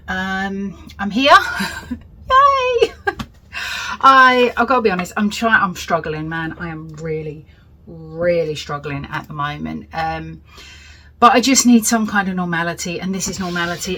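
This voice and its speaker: A woman's voice: lowish voice, a bit bright, poor audio. A British woman hosting a casual budgeting vlog from home, chatting candidly and rambling. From United Kingdom. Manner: rambling and candid, with frequent fillers and laughs. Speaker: budgeting channel host.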